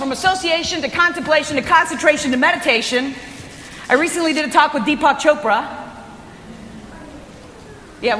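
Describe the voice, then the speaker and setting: A woman giving an energetic, inspirational conference talk as a motivational speaker, often raising her voice for emphasis. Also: very high voice, slight background noise. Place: hotel conference hall. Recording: echoey hall recording.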